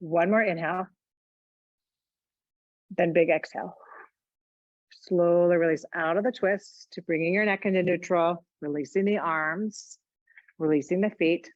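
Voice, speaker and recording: Woman yoga instructor, chatty cues, lowish voice, dry muffled sound. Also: unhurried, pauses often, no echo. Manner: chatty, joking asides while cueing moves. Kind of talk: guided exercise class instruction.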